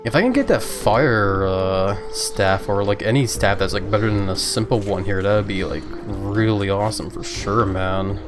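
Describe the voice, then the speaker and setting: A man's voice: lowish voice, moderate pace, hardly any pauses, over music. A man streaming a game, talking casually and rambling through his play with loose, easygoing swearing. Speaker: livestreaming gamer. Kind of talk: casual gameplay commentary.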